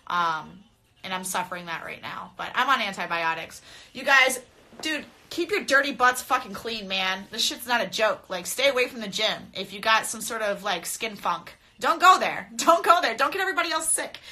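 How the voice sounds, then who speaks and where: A young adult woman talks loosely into her phone on a live stream, swearing freely and breaking into laughs. Her voice is bright and forward, sitting at an ordinary pitch for a woman. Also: animated, normal speed. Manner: blunt, profane and laughing, talks straight to viewers. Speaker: mixed martial arts fighter. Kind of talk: casual live-stream chat. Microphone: phone camera.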